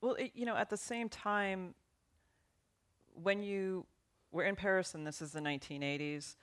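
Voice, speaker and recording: A woman's voice: mid-range voice, fairly even intonation, moderate pace. A woman interviewing a musician, asking questions and giving short attentive replies. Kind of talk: interview conversation.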